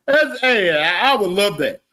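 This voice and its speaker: A man with a high, bouncing voice and a bright, sharp tone, co-hosting a comedy podcast. He talks unhurriedly in casual banter and keeps breaking into giggles. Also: sing-song, takes it slowly. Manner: giggly, reads out jokes between laughs.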